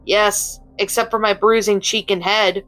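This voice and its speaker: A woman's voice: medium pitch, flat delivery, unhurried, a bit bright, faint music behind, close to an everyday voice. A woman voicing a brash male thunder god who teases his friends and grumbles when he is teased back. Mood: annoyed. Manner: teasing, then grumbling and protesting.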